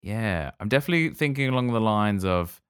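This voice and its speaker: Deep smooth-voiced playful male podcaster. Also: animated, a little fast, fairly bright tone, no echo, studio quality. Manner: playful, theatrical speculation. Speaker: podcast co-host. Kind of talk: comedic podcast banter.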